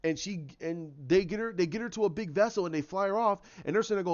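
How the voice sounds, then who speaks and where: A man retelling a story idea in casual talk, animated and full of restarts and sound effects as he acts out the scenes. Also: high-pitched, fast, hardly any pauses, muffled recording. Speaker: channel host.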